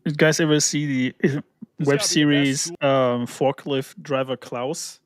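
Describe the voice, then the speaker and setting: A man on a casual podcast panel, talking haltingly with many restarts. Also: a little high, little pitch movement. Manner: halting, full of restarts and fillers. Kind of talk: casual chat.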